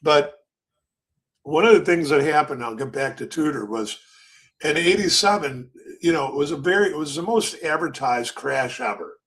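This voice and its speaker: A man's voice: a little high, lively intonation, normal speed, fairly bright tone. An older man hosting a trading show, telling loose, rambling stories and acting out the quotes of floor traders. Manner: rambling, acts out pit quotes. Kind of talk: casual storytelling.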